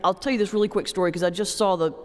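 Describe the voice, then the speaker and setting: A man with a Southern US accent, a preacher telling a folksy, animated story on a panel. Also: sits high, racing. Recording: hall reverb.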